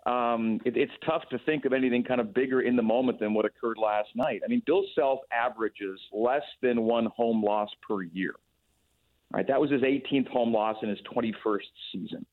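A man's voice: medium pitch, normal speed. Man on a tinny phone line. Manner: thoughtful, many restarts and repeated words. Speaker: radio play-by-play guest. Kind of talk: sports radio call-in chat.

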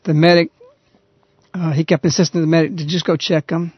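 Guy on a radio show telling a story, kinda high voice, dry dull lo-fi sound. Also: flat delivery, husky, no room sound. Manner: earnest, halting retelling of a story.

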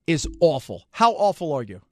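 Animated high-voiced radio host. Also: male voice, moderate pace, dry recording, studio quality. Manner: animated, repetitive, jokey. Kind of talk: casual radio banter.

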